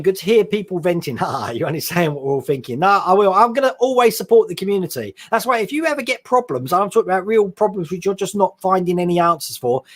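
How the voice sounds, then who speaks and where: A man hosting a scale modelling live stream, chatting casually, reading viewer questions aloud and laughing often. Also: sits high. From England. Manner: chatty, laughs often, reads out chat questions then answers.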